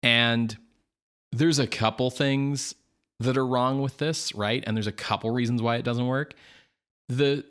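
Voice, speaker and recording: A man's voice: mid-range voice, steady tone, unhurried, fairly bright tone, smooth. A man co-hosting a film podcast in casual chat, easygoing and agreeable, checking in with "right?" as he explains. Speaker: podcast co-host.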